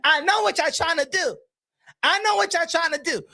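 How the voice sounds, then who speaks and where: A man's voice: moderate pace, creaky, pushed and bright, full character voice. A man doing a stammering flustered woman boxer. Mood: flustered mocking. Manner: stammering, repeating himself, raised pitch.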